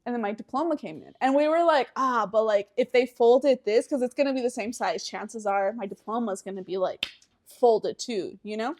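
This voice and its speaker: A young woman co-hosting a podcast, telling a family story in a casual, animated way, acting out voices and laughing. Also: on the high side, fairly quick. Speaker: podcast co-host.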